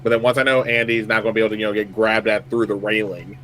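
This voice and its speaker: A male tabletop player with a lowish voice who talks quickly. He runs through his moves with care and keeps checking that he has the rules right. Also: little pitch movement, fairly bright tone, slight background noise. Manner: careful, double-checking the rules. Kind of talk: casual tabletop play.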